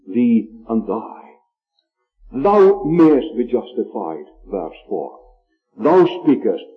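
Slow, deliberate preacher on a tinny line. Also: male voice, mid-range voice. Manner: slow, deliberate preaching that stresses single words. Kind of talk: sermon. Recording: tinny phone-like recording.

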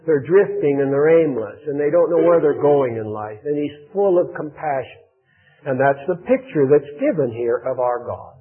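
A man delivering a slow, earnest sermon, reading scripture and dwelling on key phrases. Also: fairly high pitch, expressive, husky. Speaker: preacher. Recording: tinny phone-like radio broadcast.

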